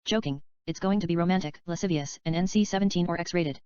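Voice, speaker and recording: A chatty, daydreaming male screenwriter, read aloud by a woman talks his way through his ideas. The voice is smooth and a little low, with no real change for the part. The sound is dry and close, and a bit dull and lo-fi. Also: fast talker, warm tone, no echo, lightly acted. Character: adult male screenwriter, dreamy and rambling. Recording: dull, slightly lo-fi dry recording.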